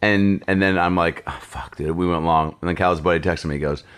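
A man hosting a podcast in casual chat, telling stories with lively swearing. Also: deep voice, fairly quick, clear, resonant tone. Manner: swearing, animated storytelling. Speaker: podcast host.

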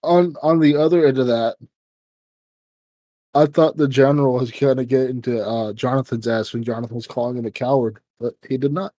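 A man's voice: medium pitch, steady tone, fairly quick, mellow, dry recording. A man co-hosting a casual podcast, laid-back, swearing freely and steering the chat. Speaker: podcast co-host.

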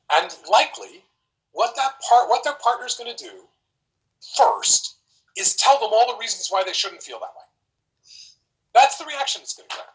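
A man with a slightly higher voice explains relationship advice in a relaxed, casual way, often acting out short example dialogues with animation. He speaks at a moderate pace with frequent pauses, and the recording is rough.

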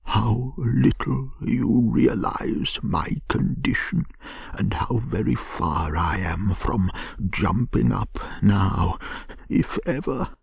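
A man voicing a languid, self-pitying male toad who pretends to be gravely ill, in a gentle bedtime storybook reading. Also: fairly low pitch, lively intonation, slow pace, no echo, pitched above the performer's own voice, exaggerated voice. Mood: feebly self-pitying. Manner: feeble, sighing, melodramatic.

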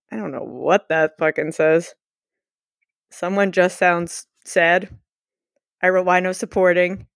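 A woman's voice: fairly low pitch, smooth, no echo. Woman podcast co-host, casual and gushing, dry close recording. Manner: chatty, gushing, swears freely. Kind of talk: casual chat.

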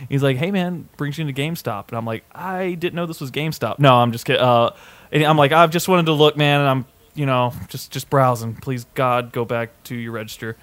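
A young man hosting a podcast, telling a story in an animated, swearing way and acting out both sides of an argument. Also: mid-range voice, brisk, no room sound. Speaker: podcast host. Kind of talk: casual storytelling chat.

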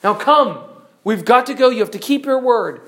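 A preacher voicing an earnest young churchwoman in an allegory, pleading urgently in a high, strained voice. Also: animated, moderate pace, a bit bright, lightly acted. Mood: insistent.

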